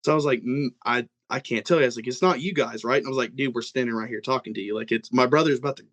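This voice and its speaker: On a casual podcast, a young guest from Oklahoma races through his eerie personal encounter at very fast speed in a mid-range voice. The retelling is rambling and animated, stuffed with "like"s and acted-out quotes from each person.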